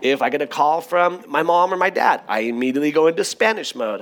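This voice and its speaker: Conversational pastor with a higher voice. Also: male voice, a little fast, hardly any pauses. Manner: conversational, animated storytelling with frequent restarts. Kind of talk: sermon.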